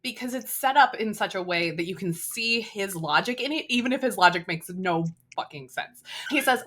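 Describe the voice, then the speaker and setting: Enthusiastic woman podcast co-host, bright tone. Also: mid-range voice, lively intonation, normal speed, hardly any pauses. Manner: enthusiastic, gushing, swears casually. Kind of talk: casual chat about a romance novel.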